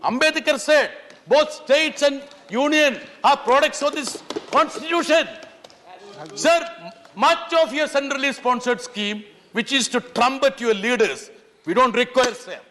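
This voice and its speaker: A man giving an impassioned parliamentary speech, often pleading "sir" and sometimes shouting. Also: very high voice, unhurried, a little hiss or hum. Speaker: member of parliament. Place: large parliament chamber. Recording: long reverb of a large chamber.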